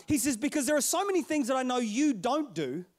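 Middle-aged guy pastor, really high voice, playful storytelling sermon, keeps calling out to the crowd. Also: a little fast. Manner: animated, playful, calls out to the congregation.

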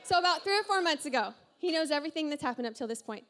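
High-voiced woman pastor telling a story. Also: rapid-fire, a faint crowd. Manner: animated, self-deprecating storyteller who laughs often. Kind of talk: sermon with personal storytelling. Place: church service before a congregation.

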